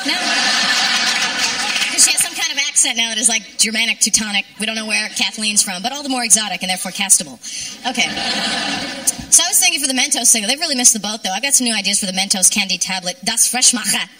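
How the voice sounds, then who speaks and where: A woman's voice: on the high side, expressive, quick pace, pushed and bright, recorded from a distance. Wry young woman doing stand-up. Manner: wry, sardonic, rambling asides. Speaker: stand-up comedian. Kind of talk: stand-up comedy set. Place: comedy club stage before a live audience.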